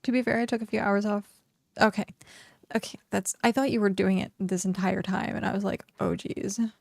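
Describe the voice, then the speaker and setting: A woman's voice: mid-range voice, fairly even intonation, brisk, vocal fry, no room sound, clean studio sound. A woman streaming a game and chatting casually, filling her talk with "like" and laughing often. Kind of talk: casual livestream chat.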